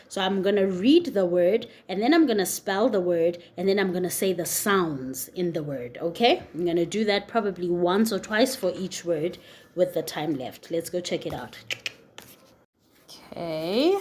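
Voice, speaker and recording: A woman's voice: fairly low pitch, a little mellow. A woman teacher leading a spelling lesson, reading each word, spelling it letter by letter and sounding it out patiently. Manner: clear, patient, slow letter-by-letter dictation. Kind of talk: spelling lesson, slow dictation.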